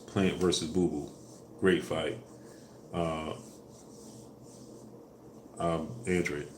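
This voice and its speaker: A man hosting a casual live stream, answering viewers in a relaxed way with fillers, louder when asking for likes. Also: extremely low pitch, extremely slow, slight background noise. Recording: echoey room with faint ambience.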